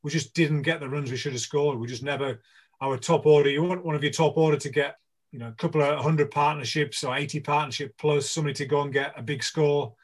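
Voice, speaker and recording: A man's voice: a little high, fast talker. A middle-aged man from England, a former cricketer, chatting casually as an interview guest and telling stories with acted-out voices of teammates. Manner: animated storyteller, acts out voices of teammates.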